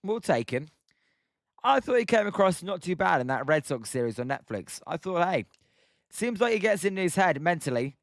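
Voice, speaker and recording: A man's voice: high voice, very animated, normal speed, dry recording, clean studio sound. A young British man hosting a live stream, calling play-by-play and chatting with viewers by name. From Britain. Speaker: live stream host calling a baseball game. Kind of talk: live play-by-play commentary while reading chat.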